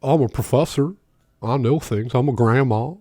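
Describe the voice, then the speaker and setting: A man's voice: medium pitch, normal speed, dark tone, breathy edge, no echo, studio quality, lightly acted. A man putting on a mocking impression of a scolding, smug older woman politician. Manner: prissy, scolding, exaggerated.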